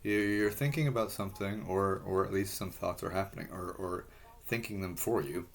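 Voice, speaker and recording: A man in a rambling personal monologue, halting and frustrated, swearing heavily as he talks. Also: deep voice, gravelly.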